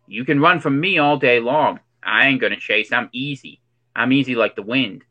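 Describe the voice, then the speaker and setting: A man's voice: medium pitch, normal speed, sharp tone, lo-fi sound. A man playing a preachy conspiracy theorist character in a comedic monologue, full of ominous rhetorical questions and an affected accent. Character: preachy male conspiracy theorist in hoodie and sunglasses.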